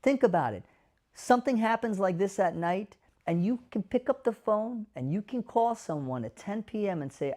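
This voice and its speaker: A man's voice: fairly high pitch, lively intonation, moderate pace, dark tone. A man hosting a caregiver advice show as a doctor, speaking straight to camera in an emphatic way and sometimes acting out sample dialogue. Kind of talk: direct-to-camera explainer.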